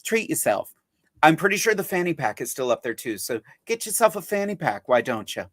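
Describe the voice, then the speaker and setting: A man's voice: fairly high pitch, very animated, fairly quick, fairly bright tone, no room sound. A man who is a drag artist hosts a live podcast in a chatty, upbeat and self-mocking way. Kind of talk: casual livestream chat.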